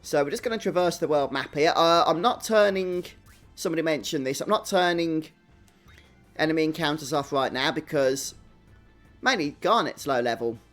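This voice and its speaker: A man's voice: a little high, moderate pace, a bit bright, soft background music. Brummie-accented man streaming a game. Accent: Birmingham (Brummie). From England. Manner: chatty, reads and answers chat viewers; self-deprecating, laughs often. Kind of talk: live stream game commentary.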